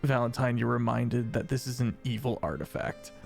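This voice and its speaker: A man runs a tabletop game as dungeon master, narrating in a relaxed, easy way. His voice has a gravelly edge, with faint music playing underneath. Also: mid-range voice, moderate pace.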